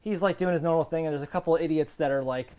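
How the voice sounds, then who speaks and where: An American co-host in casual chat, telling animated stories. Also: very fast. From United States. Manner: animated storyteller, lively swings in pitch. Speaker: podcast co-host.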